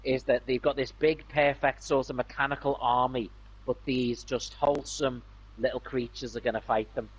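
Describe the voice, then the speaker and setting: Husky-voiced man chatting on a stream. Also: mid-range voice, steady tone, moderate pace, lo-fi sound. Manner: rambling, enthusiastic, many fillers. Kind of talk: casual gaming stream chat.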